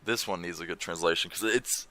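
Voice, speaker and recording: A man's voice: deep voice, brisk, sharp tone, no room sound. A young man chatting casually at home while showing videos on screen, rambling and swearing offhandedly. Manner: rambling, swears casually, reads foreign lyrics aloud. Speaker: language-learning vlogger. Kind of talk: casual screen-share chat. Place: home room.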